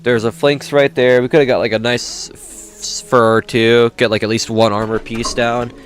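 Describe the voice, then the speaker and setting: At medium pitch, a level tone and a moderate pace, this young man chats through a video game for a let's-play video. He curses frequently and complains about the game, with faint music playing behind him.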